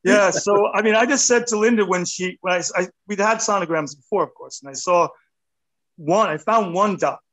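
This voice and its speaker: A man in his fifties chats as an interview guest, rambling and self-deprecating. His voice sits a little high for a man. He gets animated as he talks. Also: normal speed, poor audio. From United States. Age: 50s. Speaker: artist guest. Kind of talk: casual interview chat.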